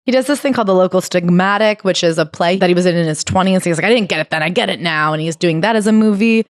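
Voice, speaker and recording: A woman's voice: lowish voice, quick pace, no echo, clean studio sound. A woman co-hosting a book club podcast, recapping a memoir in casual chat and swearing now and then. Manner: reads quotes aloud and swears casually. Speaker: podcast co-host.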